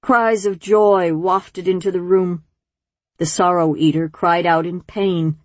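A woman narrating an audiobook in a measured, gentle storytelling manner. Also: on the low side, steady tone, no room sound. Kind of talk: scripted narration.

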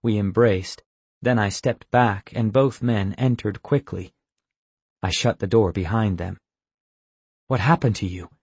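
A man narrating a novel in the first person, calm and even. His voice is low and slightly husky, and he reads at an unhurried pace. The sound is dry and close. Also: no echo. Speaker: audiobook narrator.

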